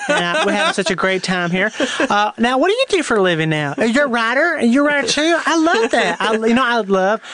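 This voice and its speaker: A man's voice: very high-pitched, sing-song, fairly quick, few pauses, a crowd in the background. A man voicing a chatty Southern US hotel businessman with a gushing, folksy manner. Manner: gushing, folksy, salesman-friendly.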